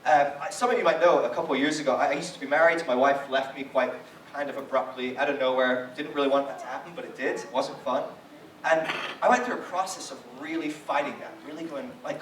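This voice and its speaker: A man's voice: mid-range voice, fast talker. Chatty man preaching in an echoey hall. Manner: chatty, frequent "right?" asides, acts out quotes. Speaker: guest preacher. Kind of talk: conversational sermon storytelling. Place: church hall. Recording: echoey hall, distant mic, faint noise.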